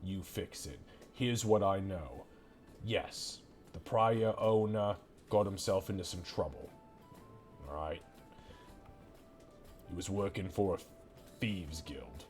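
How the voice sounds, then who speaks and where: A man voicing a foul-mouthed, gruff male tavern keeper who talks bluntly and bosses people around. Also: sits low, slow, long pauses, darkish tone, soft background music. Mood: grumbling. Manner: swears constantly, blunt and bossy.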